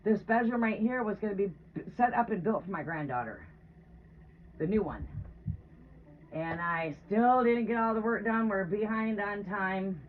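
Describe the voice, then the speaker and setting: A tarot reader with a mid-range voice and moderate pace hosts a casual live stream from home, chatting with viewers as she moves around. The audio sounds distant and phone-like, with faint noise.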